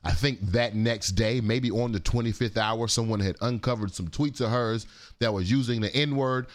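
A man's voice: mid-range voice, normal speed, no room sound. A man hosting casual commentary on viral clips, talking in a laid-back, frank, slangy way. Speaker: commentator host.

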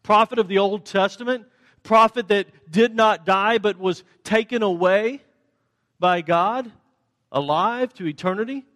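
High-voiced pastor preaching in a hall. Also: male voice, unhurried. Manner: dramatic shifts between loud questions and hushed answers; acts out the questioners and the answers. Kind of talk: sermon.

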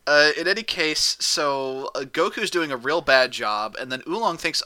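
A man's voice: fairly high pitch, lively intonation, normal speed, hardly any pauses, bright, forceful tone. A man co-hosting a casual podcast, recapping the plot with dry, exasperated asides. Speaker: podcast co-host.

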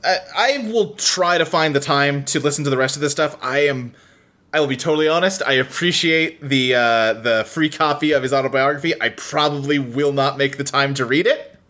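Male podcast host, bright tone, animated, restless casual delivery. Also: a little high, fairly quick. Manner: animated, filler-heavy, frequent restarts.

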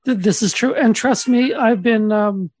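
A man from Saskatchewan co-hosting a comedy podcast, deadpan and halting with many restarts. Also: sits high, slightly rough, dry recording. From Saskatchewan, Canada. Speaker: podcast co-host.

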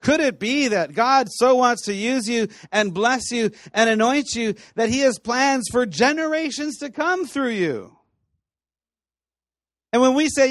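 A man teaching a class on the Bible, telling stories with animated voices and frequent laughs. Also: extremely high pitch, a little slow, no echo, studio quality. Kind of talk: lively teaching talk to students.

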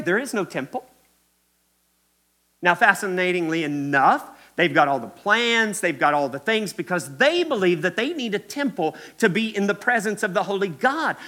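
A man preaching with a lively, swooping delivery. His voice sits high and sounds bright and forceful. He acts out the lines he quotes and speaks straight to his listeners. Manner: animated preaching, acts out quotes, addresses crowd as guys and y'all. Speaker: pastor. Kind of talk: sermon.

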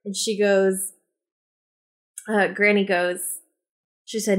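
Woman on a film podcast, lively rambly storytelling, lots of likes. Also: medium pitch, slow. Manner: animated storytelling with many fillers. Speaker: podcast co-host. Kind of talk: casual movie podcast chat.

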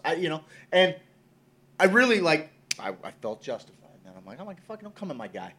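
A man's voice: fairly high pitch, quick pace. A man in casual podcast conversation, talking emphatically and swearing freely. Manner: expressive, profane, emphatic. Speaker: podcast co-host.

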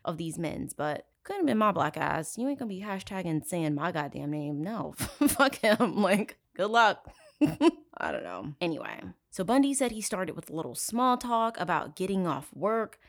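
A woman hosting a true crime podcast, telling the story in casual chat. She is profane and sarcastic, laughs a lot, and swings from loud outrage to low asides. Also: animated, moderate pace. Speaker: podcast host.

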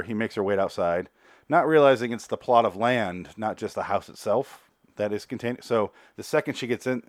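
A man with a lowish voice rambles through a TV episode recap. He is sarcastic and profane, and the sound is dry and close with no room around it. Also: no room sound. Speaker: TV recap host.

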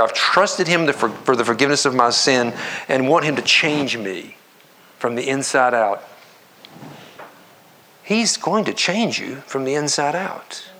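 A pastor preaching a sermon to his congregation in an earnest, conversational way, with repetitions and quick asides. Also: mid-range voice, sharp tone, a little hiss or hum. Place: church sanctuary.

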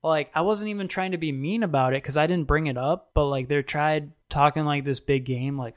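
A man's voice: medium pitch, a little fast. Chatty man co-hosting a podcast. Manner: loose, chatty anecdotes full of "like". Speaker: podcast co-host. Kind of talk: casual tech chat.

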